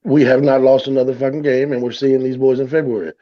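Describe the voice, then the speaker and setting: A man's voice: medium pitch, level tone, fast, dull audio. A man from South Tampa co-hosting a casual sports podcast, brash and emphatic, swearing freely.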